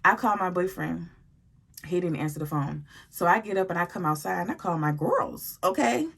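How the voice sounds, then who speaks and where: A woman telling a story to her viewers in a casual, animated way, full of slang and swearing. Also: fairly low pitch, normal speed, gravelly, slightly rough.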